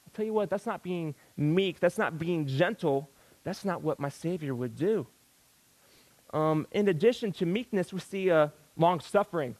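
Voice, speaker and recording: A man's voice: high-pitched, normal speed, no room sound, rough recording. A man preaching a sermon in a folksy, exclamatory way, breaking into sudden outbursts.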